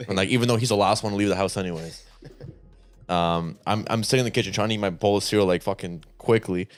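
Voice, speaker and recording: A man's voice: fairly low pitch, fast, a little hiss or hum. A young man co-hosting a comedy podcast, telling a childhood story in a laid-back, casual way. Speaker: podcast co-host.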